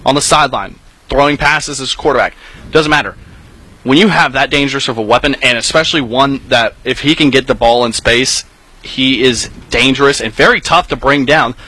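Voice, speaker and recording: A man's voice: medium pitch, pushed and bright, husky, poor audio. A man on a postgame football show, giving emphatic analysis in long, building runs. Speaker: sideline reporter on a postgame show.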